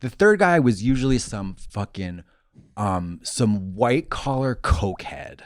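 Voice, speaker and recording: A man's voice: fairly low pitch, very animated, a little slow, no room sound, studio quality. A man co-hosting a podcast, talking frankly and rambling in casual chat. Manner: frank, rambling, lots of fillers. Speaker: podcast co-host.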